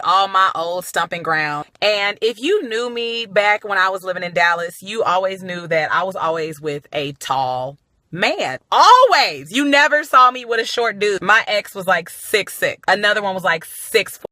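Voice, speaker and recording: A woman telling a comic story to her followers with animated, profane exclamations, recorded on a phone. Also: medium pitch, no room sound. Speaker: vlogger.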